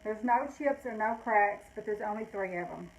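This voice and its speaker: A woman's voice: medium pitch, moderate pace, slight background noise, low-quality recording. Breathless chatty older woman selling vintage. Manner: chatty, rambling, self-correcting. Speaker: vintage shop owner. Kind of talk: casual live sale talk.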